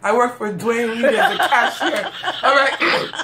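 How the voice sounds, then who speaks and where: A woman's voice: a little high, animated, slow pace, background noise. A woman delivering a sarcastic, streetwise comedic rant, laughing at her own jokes. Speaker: comedic monologue host.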